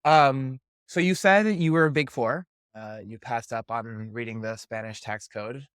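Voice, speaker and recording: A man's voice: medium pitch, normal speed, fairly bright tone, clear, resonant tone, no echo, studio quality. A man hosting a podcast, asking questions in a chatty, encouraging way with small restarts. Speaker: podcast host. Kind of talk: casual interview talk.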